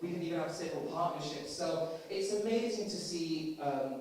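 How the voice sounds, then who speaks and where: A man's voice: on the high side, normal speed. A man, an actor, giving an earnest, self-mocking speech on stage at an awards event. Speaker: actor, guest speaker. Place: stage in a large event hall. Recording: echoey hall from far off, loud crowd.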